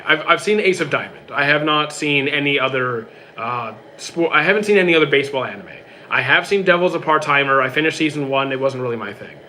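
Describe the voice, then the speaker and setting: A young man streaming live, reading out chat questions and answering them in quick, casual bursts. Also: fairly high pitch, bright, forceful tone. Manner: quick, reads questions aloud then answers briefly.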